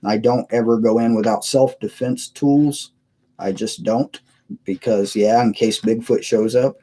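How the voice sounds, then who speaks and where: A man's voice: mid-range voice, fairly even intonation, measured pace, mellow. A man hosting a casual live stream from his computer, rambling and chuckling as he reads viewers' messages aloud. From United States. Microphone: cheap webcam mic.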